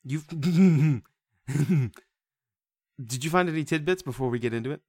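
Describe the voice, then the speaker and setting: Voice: mid-range voice, a little slow, darkish tone, no echo. A podcast co-host in casual chat, rambling and joking crudely while laughing a lot.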